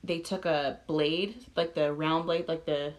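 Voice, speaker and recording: Speaking low and at a measured pace with fairly even intonation, a female podcast co-host chats casually through a crime story. Her delivery is full of fillers, frank swearing, and frequent laughter.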